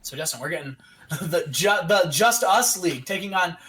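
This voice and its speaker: Young gaming host, playful and hyped, high-pitched and bright. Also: male voice, expressive, normal speed. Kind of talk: casual let's-play commentary.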